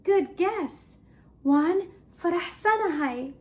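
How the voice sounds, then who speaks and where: A woman teaching a language lesson for toddlers, talking slowly and playfully while acting out feelings. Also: extremely high pitch, lively intonation, a little mellow. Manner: slow, playful, exaggerated emotions for kids.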